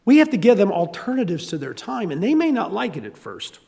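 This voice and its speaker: Preaching with a long reverb tail behind him, an older Southern pastor talks in a high, creaky voice at a fairly quick clip. His sermon is full of animated stories where he voices the characters himself.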